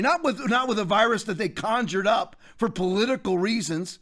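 A man's voice: high-pitched, animated, normal speed, hardly any pauses, a bit bright. A man in his fifties hosting a political commentary show, ranting emphatically and addressing listeners directly. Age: 50s. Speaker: show host.

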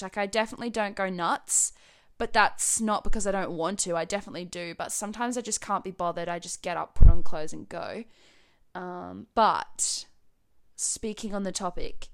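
A woman's voice: medium pitch, a bit bright, clean tone. A young Australian woman chatting to her viewers in a rambling, giggly way, full of "like". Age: young adult. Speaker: vlogger. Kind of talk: casual chat to camera.

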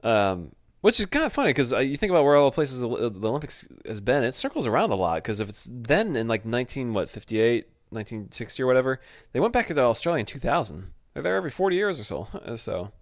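A man's voice: medium pitch, very animated, fast talker, few pauses, dry recording, clean studio sound. A young man co-hosting a podcast, chatting casually and joking with frequent laughs. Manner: joking, laughs often, tries goofy voices. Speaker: podcast co-host. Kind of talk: casual chat.

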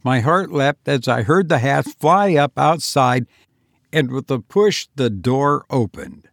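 A man narrating a story as an audiobook, with a measured and deliberate delivery and a voice of ordinary middle pitch. The recording is dry and close, with no room echo at all. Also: expressive, vocal fry.

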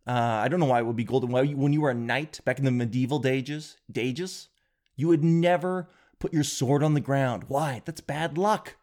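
Animated joking male podcast host. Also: mid-range voice, moderate pace. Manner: animated, rambling, jokey storytelling. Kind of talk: comedic podcast monologue.

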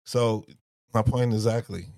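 A man's voice: lowish voice, steady tone, a little slow, creaky, darkish tone, no room sound. Insistent man, dry sound. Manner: insistent, interrupting, argumentative. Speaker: podcast co-host. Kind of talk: casual chat.

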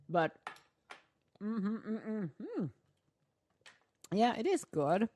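A woman's voice: lowish voice, big pitch swings, slow pace, a little mellow, breathy edge. A woman, chatting casually on her podcast while eating ice cream, rambling and laughing often. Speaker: podcast host.

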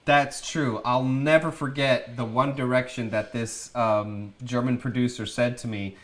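A man from Texas, working as a film actor, chats casually with animated storytelling. He laughs often as he talks. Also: mid-range voice, unhurried. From Texas, USA. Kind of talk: casual chat.

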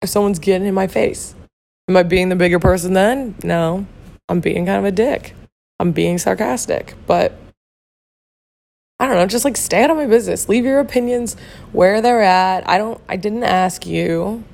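Woman, podcast host, hoarse, gravelly rough voice, candid chatty talk with swearing. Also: medium pitch, normal speed, a little mellow. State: hoarse from a lost voice. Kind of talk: casual solo podcast talk.

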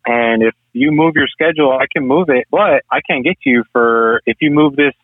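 A man who runs a landscaping business, a podcast guest talking in an earnest, steady way. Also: medium pitch, moderate pace, hardly any pauses, husky, no echo. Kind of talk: casual interview chat. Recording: tinny phone-line call.

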